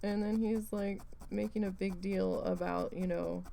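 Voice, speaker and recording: A woman vlogger chatting casually while needle felting, animated and swearing freely as she tells a story. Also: medium pitch, unhurried, creaky, slight background noise, rough recording. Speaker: craft vlogger.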